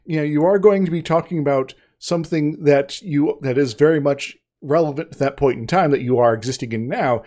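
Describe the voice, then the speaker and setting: A man's voice: on the high side, a little fast, few pauses, warm tone. A man co-hosting a casual discussion who hesitates, restarts his sentences and rambles through long explanations.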